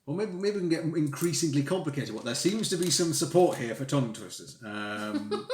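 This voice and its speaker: Male streamer, casual self-mocking chatter, lively up-and-down pitch, echoey room with faint hiss. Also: a little fast. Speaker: streamer building Lego. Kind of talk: casual live-stream chat.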